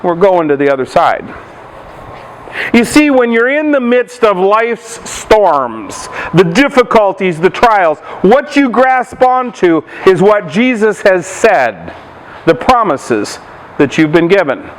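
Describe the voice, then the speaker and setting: Brief: male pastor with a high voice, faint hiss behind him, preaching and quizzing his listeners. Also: sing-song, slow, low-quality recording. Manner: questions the congregation and retells Bible stories. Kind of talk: sermon.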